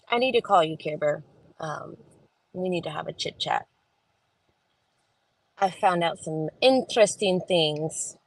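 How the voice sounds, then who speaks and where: A woman's voice: mid-range voice, creaky, rough recording. A woman chats casually and rambles with lots of fillers, talking to her viewers from a parked car into her phone. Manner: rambling with many fillers, homey. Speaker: vlogger chatting with live viewers. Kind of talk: casual chat. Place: parked car in a school pickup line. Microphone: phone camera.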